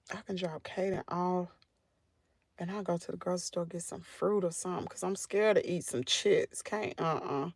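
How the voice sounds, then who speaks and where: A woman's voice: on the low side, steady tone, normal speed, no echo, clean studio sound. A woman with a Southern American accent, chatting casually with her livestream viewers from a parked vehicle, reading comments and laughing often. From Southern United States. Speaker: channel host.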